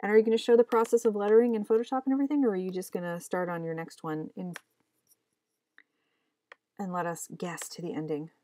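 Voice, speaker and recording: A woman's voice: mid-range voice, fairly even intonation, fast talker, long pauses, mellow. A young adult woman chatting casually while she draws comics, rambling, mocking herself and talking to herself as she works. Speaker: comic artist vlogger. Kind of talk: casual chat while drawing.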